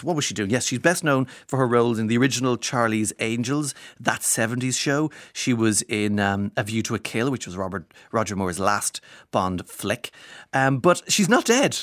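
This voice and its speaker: A middle-aged Irish man hosting radio in a casual, chatty way, full of wry jokes. His pitch swings widely and his tone stays lively. The voice is close and dry, with no room echo. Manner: wry, joking asides. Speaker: radio presenter.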